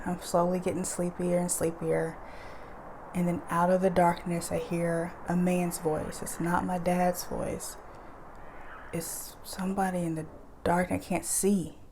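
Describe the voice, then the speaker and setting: Gravelly-voiced woman recounting a ghost story. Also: fairly low pitch, level tone, a little slow, a little mellow, slight background noise. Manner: vivid present-tense retelling with fillers. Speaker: eyewitness storyteller. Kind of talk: telling a true ghost story.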